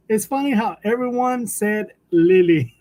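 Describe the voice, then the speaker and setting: His voice is high but dark in tone as he hosts a laid-back live chat for a graphic design channel. Captured on a wireless lavalier, he rambles through stories with a chuckle between most sentences.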